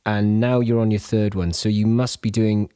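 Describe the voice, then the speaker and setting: A podcast host, opening the show and interviewing a guest in a playful, teasing, self-deprecating way. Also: female voice, a bass voice, flat delivery, normal speed, warm tone, clear, resonant tone. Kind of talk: casual chat. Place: small room in a historic house.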